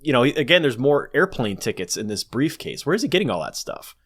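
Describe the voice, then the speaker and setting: Dude walking thru a movie plot, all excited, middle pitch, just chatting. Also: male voice, fairly quick. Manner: enthusiastic, breaks into narrated quotes. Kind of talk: casual movie recap chat.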